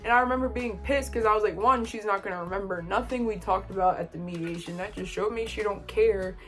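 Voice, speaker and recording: A woman's voice: medium pitch, fast. Young woman venting a storytime, slangy and fed up, faint music behind. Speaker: vlogger. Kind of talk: casual storytime.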